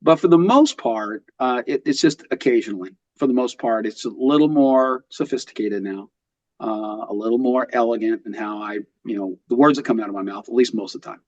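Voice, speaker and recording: Middle-aged Texan man with a mild West Texas lilt, unhurried guest telling his story, close and slightly muffled. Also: lowish voice, darkish tone, no echo. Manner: thoughtful, with frequent ums and restarts. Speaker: podcast guest. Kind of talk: casual interview. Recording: dull lo-fi audio.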